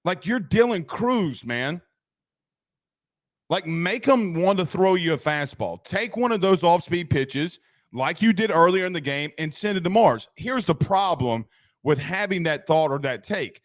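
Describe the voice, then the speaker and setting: A man hosting a casual sports talk show, rambling and excitable, laughing at his own jokes. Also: high voice, unhurried, no room sound, studio quality.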